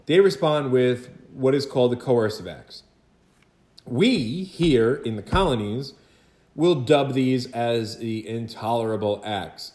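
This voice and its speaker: A man's voice: medium pitch, darkish tone. Chatty male history teacher, echoey room. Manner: chatty, rhetorical asides and quick acted quotes. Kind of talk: recorded lecture for students.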